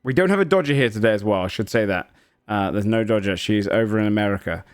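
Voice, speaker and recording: A man's voice: fairly low pitch, fast, clear, resonant tone, no echo, clean studio sound. A man hosting a tabletop game stream as game master, chatty and laughing often. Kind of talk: casual chat.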